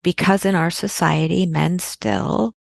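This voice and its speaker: A woman's voice: fairly low pitch, fairly even intonation, measured pace, vocal fry, dry recording. A woman speaking earnestly in a podcast conversation, stressing key words by repeating them.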